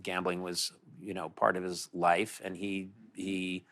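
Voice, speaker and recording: Guy with a gravelly voice, talks low and trails off. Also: flat delivery. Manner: trails off, soft halting phrases. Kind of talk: casual chat.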